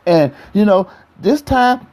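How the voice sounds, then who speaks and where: A man voicing a sentimental young woman who keeps dwelling on her ex, in a high, dreamy falsetto. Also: animated, slow, a little mellow. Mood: wistful.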